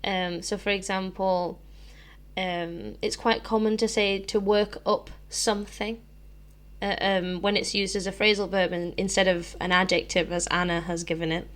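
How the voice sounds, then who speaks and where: A woman's voice: mid-range voice, level tone, normal speed, fairly bright tone. British lady teacher, chatty, explains stuff, laughs a lot, podcast chat. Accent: British English. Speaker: English teacher and podcast co-host.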